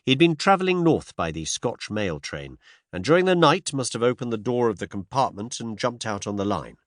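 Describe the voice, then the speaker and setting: A male audiobook narrator reads a classic mystery with measured, expressive storytelling. His pitch moves in a lively way over a mid-range voice. The recording is dry and close. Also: no echo. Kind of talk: scripted narration.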